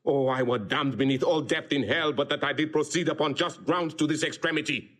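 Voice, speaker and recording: A man's voice: on the high side, brisk, fairly bright tone. An actor playing a jealous, tormented nobleman in a classical stage drama, speaking in a declamatory, anguished way. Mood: bitter, accusing.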